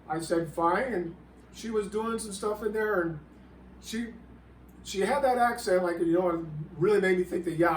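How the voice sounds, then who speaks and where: A man with a fairly high voice delivers a comedic monologue, rambling and halting and politely calling his listener sir. He sits well back from the microphone in a roomy, echoing space, with a faint ambient hum behind him. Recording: roomy, distant mic, faint background ambience.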